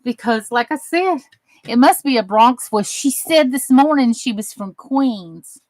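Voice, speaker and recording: Southern woman craft host, chatty and folksy, slow drawl, slightly high voice. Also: expressive, no echo, rough recording. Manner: chatty, warm-hearted, drawling with folksy phrases. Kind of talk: casual livestream chat while crafting.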